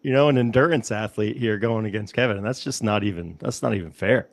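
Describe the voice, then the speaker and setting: A man co-hosting a podcast, chiming in with quick jokes. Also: on the low side. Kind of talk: casual chat.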